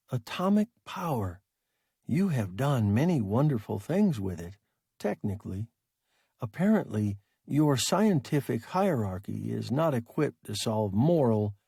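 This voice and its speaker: A man voicing a large, calm and philosophical alien creature that speaks in a measured, reasonable way. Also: mid-range voice, gravelly, husky, no room sound, studio quality, exaggerated voice. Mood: calm reasoning.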